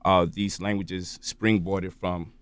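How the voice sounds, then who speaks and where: His low voice comes with a flat delivery and a slow pace, smooth and free of echo. As a radio show guest in the studio, he lectures at length, checking in with "right?" and "you feel me?"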